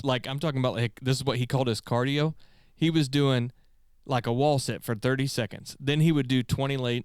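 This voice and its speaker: A man's voice: medium pitch, clear, resonant tone, dry recording, clean studio sound. A man co-hosting a podcast, telling long rambling stories in casual chat and swearing freely. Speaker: podcast co-host.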